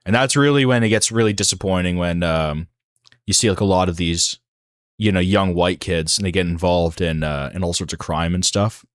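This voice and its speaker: A man with a low, deep voice hosts a casual livestream and talks straight into a dry, close-sounding mic. He rambles and halts, often trailing off into fillers and restarts before he finds his point. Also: moderate pace, dry recording. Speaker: livestream host.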